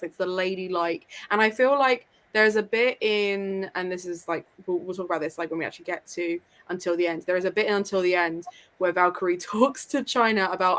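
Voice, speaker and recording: A woman's voice: medium pitch, a bit bright. A young woman chatting on a live stream, laughing easily and talking in loose, filler-filled sentences. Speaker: podcast co-host. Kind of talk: casual live-stream book chat.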